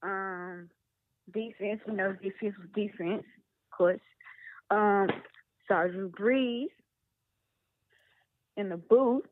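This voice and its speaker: A woman's voice: medium pitch, takes it slowly, long pauses, no echo. A woman calling in to a sports talk show, speaking hesitantly with lots of fillers. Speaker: caller. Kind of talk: casual phone-in chat. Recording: tinny phone line.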